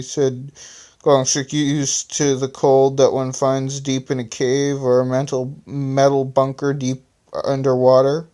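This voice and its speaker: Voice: medium pitch, little pitch movement, measured pace, mellow. A person reading their own story aloud, stumbling and correcting themselves, with joking asides along the way. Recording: phone screen recording.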